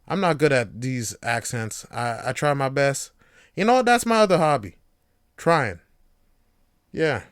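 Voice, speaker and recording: A man's voice: medium pitch, sing-song, a little slow, long pauses, fairly bright tone, clean tone, no echo, studio quality. A young man hosting a casual solo podcast, loose and rambling, swearing freely. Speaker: podcast host.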